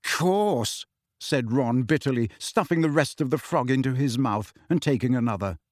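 A man narrating a fantasy audiobook in an expressive storytelling manner. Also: medium pitch, fairly quick, dry recording. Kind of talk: scripted narration.

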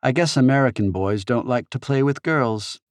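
A man's voice: mid-range voice, sing-song, normal speed, darkish tone, no echo, clean studio sound, pitched above the performer's own voice, close to an everyday voice. A man voicing a confident young British woman gamer with a wry, teasing manner in an audiobook.

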